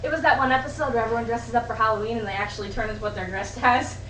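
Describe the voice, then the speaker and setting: A woman's voice: fairly high pitch, fairly even intonation, rapid-fire, fairly bright tone, echoey room, recorded from a distance, a little hiss or hum, close to an everyday voice, rough recording. A woman playing a rambling, chatty young girlfriend. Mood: casual. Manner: rambling, chatty, lots of fillers. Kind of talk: indie film acting.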